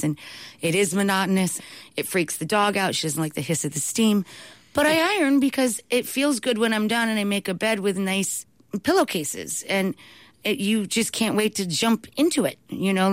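A woman being interviewed, telling stories in an animated way and laughing often. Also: mid-range voice, moderate pace, no echo. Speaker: guest, talk show host and cookbook author. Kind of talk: anecdotal storytelling in an interview.

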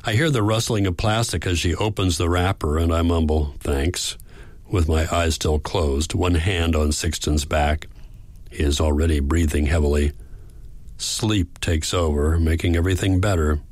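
A man reading a first-person audiobook in a measured, reflective way. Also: low-pitched, fairly even intonation, a little mellow, no room sound. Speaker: audiobook narrator.

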